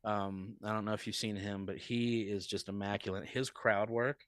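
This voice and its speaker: Low-voiced, profane comedian telling stories. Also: male voice, steady tone, normal speed, no echo, studio quality. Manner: profane, rambling storyteller. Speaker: comedian guest. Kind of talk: casual podcast chat.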